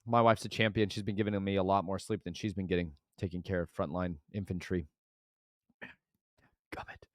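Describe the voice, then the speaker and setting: A sleep-deprived man in his thirties talks in a casual, rambling monologue, jumping between topics with sudden loud bursts. His voice sits fairly low. The sound is dry and close, with no room echo. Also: flat delivery, a little fast. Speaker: vlogger and father of twins.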